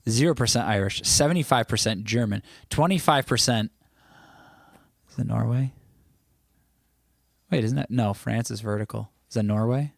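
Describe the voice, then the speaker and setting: A man's voice: medium pitch, normal speed, vocal fry, pauses often, dry recording, clean studio sound. Casual man chatting on a livestream. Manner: loose, chatty, reacts to chat messages. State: throat clearing, scratchy throat. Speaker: livestream host. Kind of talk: casual chat reading live comments.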